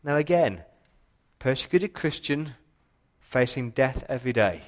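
Man, pastor, sermon, passionate, emphatic rises and hushed drops. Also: medium pitch, expressive, a little slow. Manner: passionate preaching, voice rising and dropping for emphasis.

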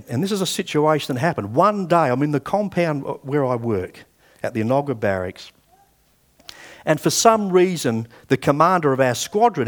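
A man in his sixties with an Australian accent, preaching a sermon and telling personal stories in a conversational way. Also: on the high side. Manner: conversational storytelling, acting out past dialogue.

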